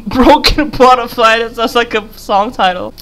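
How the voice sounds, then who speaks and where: A woman's voice: a little high, measured pace, a bit bright. A young woman giving casual, giggly commentary while playing a game, rambling and talking to the character on screen. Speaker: gaming YouTuber.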